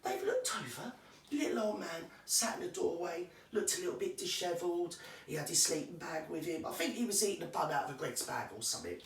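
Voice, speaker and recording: A woman telling a rambling comic story in a chatty manner with deadpan asides. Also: lowish voice, fairly quick, reverberant, distant mic, slight background noise.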